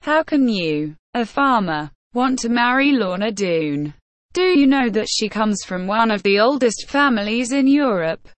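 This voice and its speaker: A woman's voice: fairly high pitch, animated, dry recording. Woman reading as a dying proud old nobleman. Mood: stern. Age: older. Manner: slow, stern, measured.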